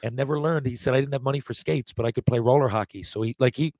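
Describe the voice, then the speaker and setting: A man in his forties, a podcast guest, telling lively anecdotes in casual talk, acting out what people said and often restarting his sentences. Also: mid-range voice, fast talker, no echo. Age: 40s. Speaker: podcast guest, former hockey player. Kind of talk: casual storytelling.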